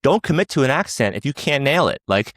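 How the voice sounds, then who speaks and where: Podcast guy giving strong opinions, says like a lot, average pitch, dry mic. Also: sing-song, brisk, a bit bright, no echo. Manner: opinionated, peppers speech with "like". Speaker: podcast co-host. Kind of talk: casual chat.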